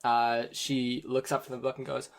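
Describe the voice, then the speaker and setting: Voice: medium pitch, flat delivery, moderate pace, creaky. A game master narrating a tabletop game, meandering with many ums and restarts.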